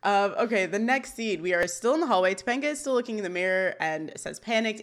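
A woman co-hosting a podcast, walking through episode scenes in a relaxed, chatty way. She reads the action aloud and laughs often. Her voice sits at a middling pitch. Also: quick pace, hardly any pauses. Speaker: podcast co-host. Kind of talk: casual recap chat.

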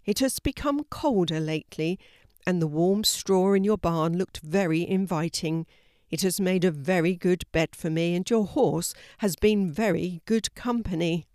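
A woman reading the part of a well-spoken older male tramp who talks in a calm, matter-of-fact way. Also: on the low side, unhurried, dry recording, clean studio sound, close to an everyday voice. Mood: calm, polite.

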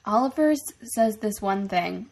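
A woman's voice: medium pitch, lively intonation, moderate pace, vocal fry, a little mellow. A young woman with a mid-range voice chats casually on a podcast. She laughs often as she talks. Her delivery is easygoing and friendly. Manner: giggly, laughs often while talking. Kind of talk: casual chat.

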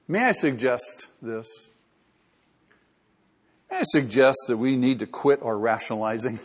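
A man's voice: mid-range voice, animated, measured pace, long pauses, slightly rough, in a large hall. A man preaching a sermon as pastor, earnest and rising to emphatic peaks.

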